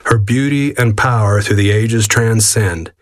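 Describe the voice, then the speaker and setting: A man reciting a rhyming prairie poem in a measured, rhythmic way. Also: on the low side, no room sound, clean studio sound. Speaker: cowboy poet.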